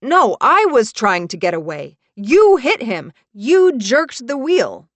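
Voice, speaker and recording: A woman voicing a hysterical, panicked teenage boy who shouts frantically in a raised voice. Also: on the high side, sing-song, slow pace, no room sound, muffled recording, pitched above the performer's own voice. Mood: frantic.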